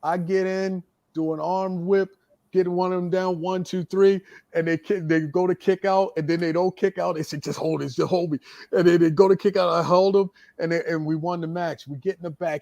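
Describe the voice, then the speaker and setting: A man's voice: sits high, normal speed, creaky, no room sound. A man, a veteran wrestler, telling stories casually on a podcast and acting out the quotes. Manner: animated storyteller, acts out quotes. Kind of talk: casual storytelling chat.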